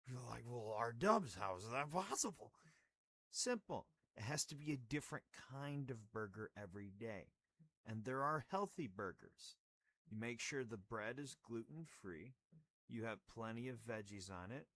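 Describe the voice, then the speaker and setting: A man's voice: mid-range voice, normal speed, fairly bright tone. A young man chatting casually on a livestream while crafting, rambling with goofy, playfully sarcastic asides in a slightly crackly voice. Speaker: streamer.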